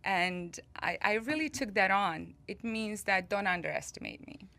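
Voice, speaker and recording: A woman from Bosnia with an accent, speaking as a podcast guest in an earnest, measured way. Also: medium pitch, creaky, bright, forceful tone. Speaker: guest, real estate executive. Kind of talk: podcast interview.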